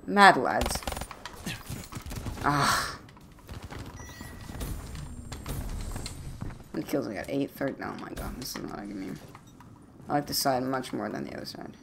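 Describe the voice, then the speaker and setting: A young man casually commentating his own gameplay at home, jokey and trash-talking with sudden loud outbursts. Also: mid-range voice, animated, slow pace, creaky, pauses often, background noise. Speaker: gaming YouTuber. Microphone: desktop USB mic.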